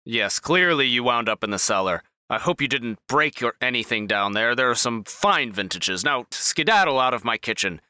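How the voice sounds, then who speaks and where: A man's voice: medium pitch, animated, moderate pace, few pauses, bright, forceful tone, clean tone, dry recording. A man voicing a skinny, jowly male head chef who scolds intruders out of his kitchen. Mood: scolding. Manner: huffy, indignant scolding.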